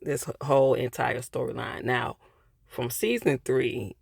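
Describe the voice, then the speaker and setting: A man's voice: medium pitch, unhurried, gravelly, breathy edge, no echo, clean studio sound. A man casually retelling a TV episode, with loose, chatty asides. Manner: loose, conversational retelling with lots of filler asides. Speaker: TV episode reviewer.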